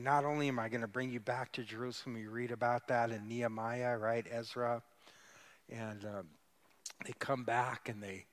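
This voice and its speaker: A middle-aged man preaching as a guest pastor, telling stories with emphatic, rising peaks. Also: medium pitch. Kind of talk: sermon.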